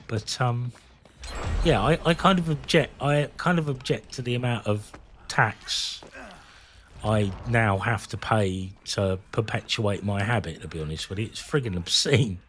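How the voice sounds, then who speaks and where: A man's voice: lowish voice, a little slow, fairly bright tone, a little hiss or hum. A man, chatting casually and candidly while streaming a game, rambling and swearing freely. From England. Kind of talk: casual chat while gaming.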